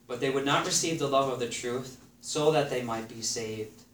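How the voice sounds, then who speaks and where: In an echoey room with faint background noise, a preacher stands somewhat distant from the mic. His medium-pitched voice is fairly bright and moderately paced as he reads scripture and earnestly repeats key phrases.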